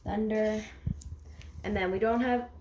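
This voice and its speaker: Slow, careful young girl teaching writing. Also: medium pitch, fairly even intonation, a crowd in the background. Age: child. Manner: slow, careful, sounding out each word. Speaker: young student leading a writing lesson. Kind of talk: classroom writing lesson for kids. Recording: echoey room, faint noise.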